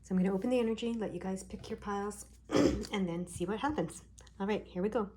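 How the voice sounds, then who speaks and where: A woman giving a casual pick-a-pile tarot card reading. She talks in a chatty, wandering way full of fillers, and her throat is irritated, so she keeps clearing it. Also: medium pitch, quick pace, mellow, slight background noise. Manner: chatty, digressive, frequent fillers.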